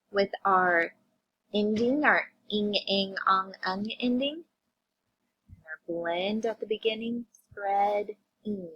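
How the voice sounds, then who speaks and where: A woman teacher reviewing vocabulary and phonics with young children, sounding words out slowly and asking them questions. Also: mid-range voice, fairly bright tone, slightly rough, muffled recording. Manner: slow, drawn-out phonics sounding-out, addressing kids.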